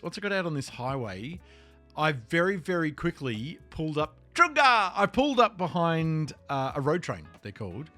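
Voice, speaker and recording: A man's voice: fairly high pitch, fairly bright tone. A man with an Australian accent, livestreaming and chatting casually, laughing often and rambling between topics. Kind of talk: casual chat. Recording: faint music underneath.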